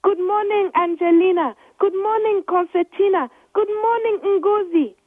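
A woman reading a storybook voices an eager, kind-hearted little girl, speaking high and crying out. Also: lively intonation, measured pace, dry recording. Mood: excited. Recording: dry, tinny phone-like line.

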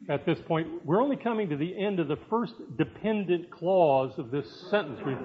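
Man in his 60s, professor giving a chatty classroom lecture, slightly high voice, dull lo-fi recording. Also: lively intonation, normal speed, few pauses. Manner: conversational, frequent "uh" fillers, asides to students. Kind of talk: university lecture.

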